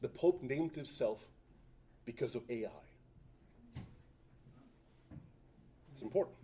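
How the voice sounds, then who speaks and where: A man's voice: medium pitch, expressive, slow, mellow, slight background noise. A man giving a tech talk at a conference, rambling and self-mocking with jokey asides. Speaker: conference presenter. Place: conference room.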